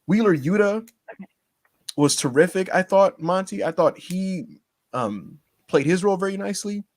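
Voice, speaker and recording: A man co-hosting a casual podcast, excitable and teasing, laughing often as he talks. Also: high voice, moderate pace. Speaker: podcast co-host.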